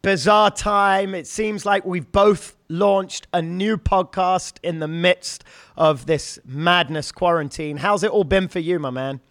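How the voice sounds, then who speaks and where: A man's voice: high voice, slow pace, fairly bright tone, no echo, clean studio sound. A man hosting a podcast interview, upbeat and casual, calling his guest "man" and swearing freely. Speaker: podcast host.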